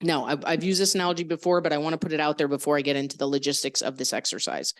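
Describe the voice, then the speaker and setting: A woman's voice: low-pitched, fairly even intonation, very fast. A young adult woman hosting a coaching podcast, talking frankly and swearing casually as she explains mindset exercises. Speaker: podcast host and fitness coach.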